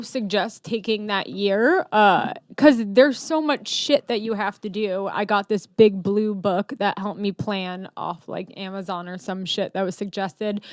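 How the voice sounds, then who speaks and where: A woman's voice: medium pitch, no echo. A woman hosting a podcast in a studio, chatting candidly and joking with plenty of swearing. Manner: candid, profane, jokey. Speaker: podcast host. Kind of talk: casual podcast chat.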